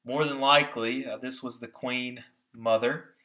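Man, pastor preaching, emphatic, deliberate slow stresses, rhetorical questions, forceful tone. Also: mid-range voice, fairly even intonation. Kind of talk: sermon.

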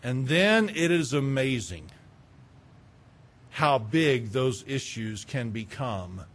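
A middle-aged male pastor preaching a sermon, animated, swinging between loud urging and quiet asides. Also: mid-range voice, takes it slowly.

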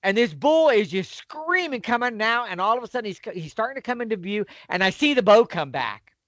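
Man with a high, swooping voice, energetic storyteller, dull dry recording. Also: brisk, no echo. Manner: excited, acts out quoted exchanges. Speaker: podcast guest telling a hunting story. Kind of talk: animated storytelling. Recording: dull lo-fi audio.

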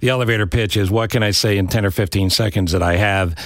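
A man in his sixties hosting a casual interview, telling stories with lively delivery and frequent laughs. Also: lowish voice, quick pace, no room sound, clean studio sound. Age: 60s. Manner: animated storyteller, laughs often. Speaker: podcast host.

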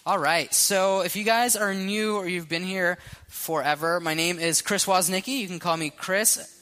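Bright-voiced chatty young pastor man. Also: sits high, normal speed, few pauses, in a large hall. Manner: relaxed, chatty, filler-heavy. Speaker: youth pastor. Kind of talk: casual sermon with group sharing.

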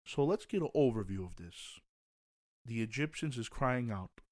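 A man's voice: mid-range voice, expressive, normal speed, darkish tone. A man hosting a devotional podcast, talking in an emphatic, preaching way with repeated exhortations. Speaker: podcast host.

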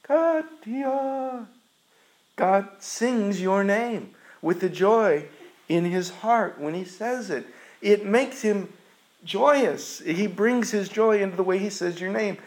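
A man's voice: sits high, takes it slowly, darkish tone, poor audio. A man preaching a sermon, retelling a scripture story in an earnest, emphatic way.

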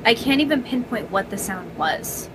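A woman's voice: medium pitch, lively intonation, normal speed, noisy background. A woman co-hosting a podcast, recalling a spooky event in an earnest way and often repeating her words. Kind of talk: casual chat.

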